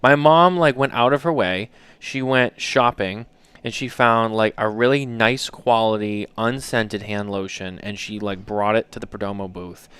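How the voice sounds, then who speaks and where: Low, smooth-voiced man in his thirties. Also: normal speed, a bit bright. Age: 30s. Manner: rambling storyteller, many fillers. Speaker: podcast co-host. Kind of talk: casual chat.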